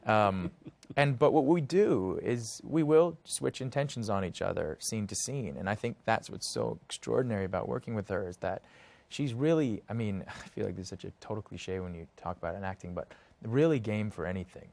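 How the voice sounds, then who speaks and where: A man's voice: fairly low pitch, lively intonation, fairly quick, vocal fry, a little mellow. An American actor being interviewed, talking in a thoughtful way and hunting for his words with many fillers. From United States. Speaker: actor guest. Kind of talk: casual interview chat.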